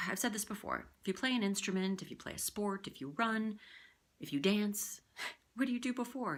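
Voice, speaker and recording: A woman coaching viewers in speaking, chatty and demonstrative as she talks to camera. Her fairly low voice swoops up and down a lot. She sounds like a practiced voiceover artist. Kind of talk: direct-to-camera tips video.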